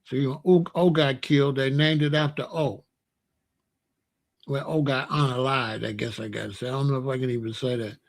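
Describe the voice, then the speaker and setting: A man's voice: medium pitch, fairly even intonation, a little fast. An older man, telling stories in a rambling, casual way and pointing out places around him outdoors. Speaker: vlogger. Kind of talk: casual storytelling.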